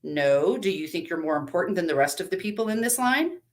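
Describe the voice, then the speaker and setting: A woman acts out a judgmental stranger waiting in line, in a live story reading. Her words come quickly, prim and condescending. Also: on the low side, animated, lightly acted.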